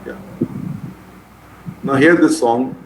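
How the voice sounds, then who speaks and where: A man's voice: medium pitch, slow. A man giving a medical lecture, repeating key terms so students can write them down. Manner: repetitive, drilling key terms for exams. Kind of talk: classroom lecture. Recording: roomy echo, faint noise.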